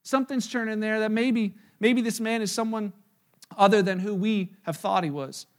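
A man preaching a sermon, retelling a story and acting out the quotes in lively voices, sometimes dropping to a hushed tone. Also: high-pitched, moderate pace. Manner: animated storyteller, voices crowd quotes, drops to hushed tones. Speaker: pastor. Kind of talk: sermon with acted-out dialogue.

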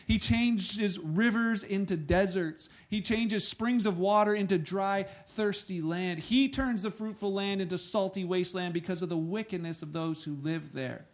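A man preaching a sermon, reading scripture aloud and breaking into soft asides and loud exclamations. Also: sits high, normal speed, creaky. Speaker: pastor.

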